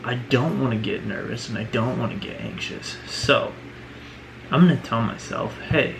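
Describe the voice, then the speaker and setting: A man's voice: medium pitch, moderate pace, creaky, noisy background. A man talking earnestly in a personal vlog, leaning on "you know" and "right?" as he reflects. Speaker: vlogger.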